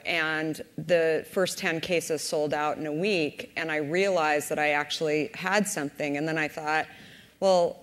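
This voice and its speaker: Low-voiced woman telling a founding story. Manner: lively retelling, acting out quoted voices. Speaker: company founder on a panel. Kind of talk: storytelling at a panel discussion. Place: conference stage. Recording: reverberant conference hall.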